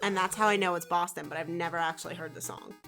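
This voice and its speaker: A woman's voice: on the low side, fairly even intonation, fast talker, music in the background, rough recording. A young woman co-hosting a gaming video, chatting casually and acting out little stories. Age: young adult. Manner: chatty storyteller, acts out quotes with laughs. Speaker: co-host of a gameplay channel.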